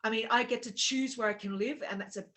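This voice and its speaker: Bright-voiced woman telling a story. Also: on the high side, steady tone, fast talker. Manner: emotional storytelling, acts out quoted dialogue. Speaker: co-host. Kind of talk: casual chat.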